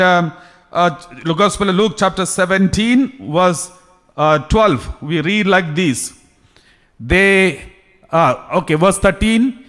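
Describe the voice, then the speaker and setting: High-voiced preacher in a reverberant hall. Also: male voice, fairly bright tone. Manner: preaching slowly with repetitions and restarts. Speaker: priest. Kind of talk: sermon.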